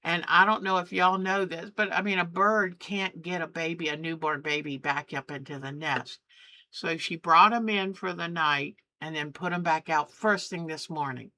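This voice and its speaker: A woman's voice: lowish voice, fairly even intonation, normal speed, sharp tone. A middle-aged woman hosting a quilting channel, chatting and gushing as she shows family photos. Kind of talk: casual chat while showing photos.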